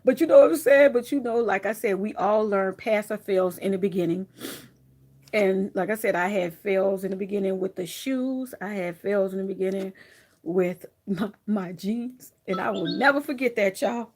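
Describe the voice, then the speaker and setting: A woman crafter chatting casually to her viewers, telling stories in a lively, animated way with frequent laughs and asides. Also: mid-range voice, moderate pace. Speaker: craft vlogger.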